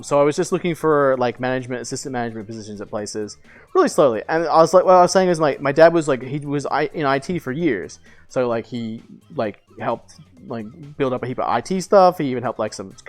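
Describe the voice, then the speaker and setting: A man's voice: mid-range voice, fast, soft background music. A young man streaming, casually telling a long story with lots of "like" fillers, swearing and laughter.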